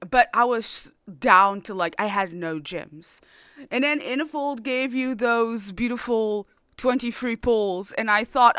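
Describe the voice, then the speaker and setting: A woman from Australia chats live with her stream audience in a bright, fairly high voice. She talks slowly and gets excited easily, repeating herself and laughing. The sound is dry and close. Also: clear, resonant tone, no echo. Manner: chatty, excitable, repeats words, laughs often. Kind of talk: casual live-stream chat.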